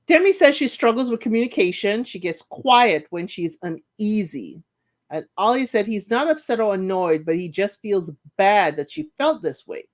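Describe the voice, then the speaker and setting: Animated chatty woman recapping a show. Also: medium pitch. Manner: chatty, animated retelling with playful asides to viewers; laughs often, teasing and questioning. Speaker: reality show recap host. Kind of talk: casual show recap commentary.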